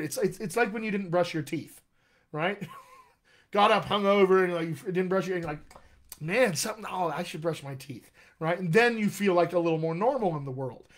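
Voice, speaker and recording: A man coaching actors on accents in a live online session, enthusiastic and encouraging, talking straight to his viewers. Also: high-pitched. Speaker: dialect coach. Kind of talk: live-streamed coaching talk. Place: home room, live video stream.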